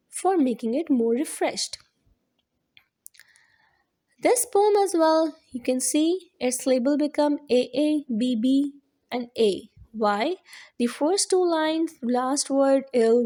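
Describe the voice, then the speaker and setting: A female teacher gives a classroom lesson on limericks, speaking slowly in a high, mellow voice. She explains each step in turn and keeps circling back to repeat her points.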